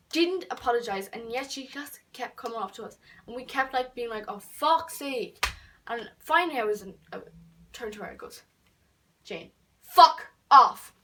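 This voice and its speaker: A teenage girl telling a story in a casual vlog, chatty and full of fillers, dropping to whispers and then bursting out loud. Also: on the high side, recorded from a distance. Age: teens. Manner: chatty, filler-heavy, swings between whispered asides and loud outbursts. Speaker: vlogger.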